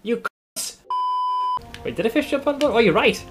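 Excitable swearing male game streamer. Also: very high voice, normal speed, faint music behind. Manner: excitable, swears often, shouts when startled. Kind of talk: live gameplay commentary.

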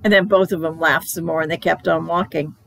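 A woman reading a children's book aloud for a library, expressive and playful. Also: deep voice, brisk, gravelly, rough recording. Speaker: library storyteller.

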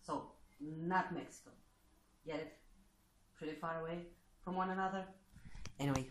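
Blunt, sarcastic woman with lively pitch. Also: normal speed. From Eastern Europe. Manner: blunt, sarcastic, swears freely. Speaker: test administrator addressing applicants. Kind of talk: casual monologue. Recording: echoey room with faint noise.

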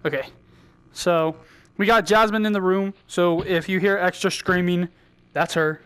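A woman hosting her own gaming channel, chatting and joking through a VR game and breaking into loud yells. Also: fairly even intonation, a little slow, clear, resonant tone. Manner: chatty, jokey, bursts into high yelling. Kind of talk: casual gameplay commentary.

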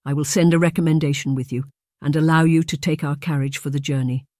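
A man's voice: a little high, fairly even intonation, quick pace, dark tone, no echo, studio quality, lightly acted. A man voicing a kindly, cheerful middle-aged noblewoman who is letting her governess go, speaking graciously in an audiobook.

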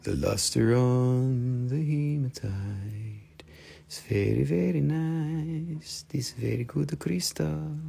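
A man doing a hushed broken-English crystal seller. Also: gravelly, slightly rough, heavily acted. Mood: coaxing. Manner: halting broken English, slow sales pitch. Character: quiet pushy crystal salesman in broken English.

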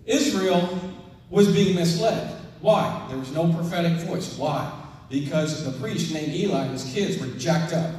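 A man preaching a sermon, telling a scripture story in a lively way and acting out the quotes. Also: a little high, a little slow, a little hiss or hum. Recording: echoey hall from far off.

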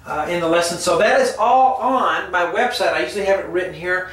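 Relaxed male piano teacher with a high-pitched voice, heard from a distance in an echoey room. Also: a little fast. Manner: relaxed and chatty, hums and sings rhythms as he explains. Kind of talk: casual online piano lesson. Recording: echoey room, mic set back, loud piano. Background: piano playing.

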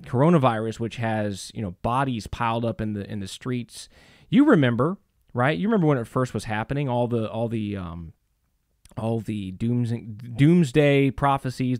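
A middle-aged man preaches to a church congregation in a mid-range, slightly mellow voice, captured dry with studio quality. His delivery is emphatic, peppered with rhetorical questions and lots of fillers.

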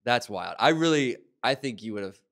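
A man's voice: medium pitch, expressive, normal speed, a bit bright. A man hosting a casual interview in a laid-back manner. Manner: laid-back, lots of "like" fillers. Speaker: interview host.

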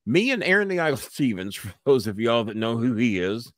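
A man's voice: mid-range voice, sing-song, fairly quick, a bit bright, dry recording, studio quality. An older man with a cough, telling a story bluntly and with heavy swearing. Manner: blunt, swears freely, acts out voices. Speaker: podcast guest. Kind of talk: profane storytelling.

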